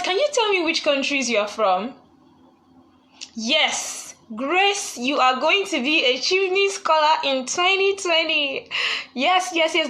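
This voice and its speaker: A woman's voice: on the high side, bright, forceful tone. A young woman hosting a live online session, chatting casually and laughing often as she greets viewers. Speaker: live webinar host.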